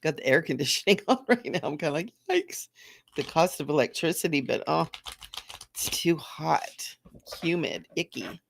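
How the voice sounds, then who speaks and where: A middle-aged woman, a psychic medium, chatting casually and gently during a live reading, repeating her phrases. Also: deep voice, lively intonation, fast talker, vocal fry, hardly any pauses, a little hiss or hum.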